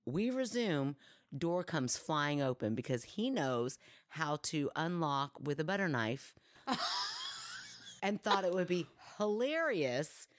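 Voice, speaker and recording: A woman's voice: lowish voice, wildly swooping pitch, slow, dry recording, studio quality. A woman co-hosting a podcast, telling stories in a casual chat and acting out the quotes with animation. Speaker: podcast co-host.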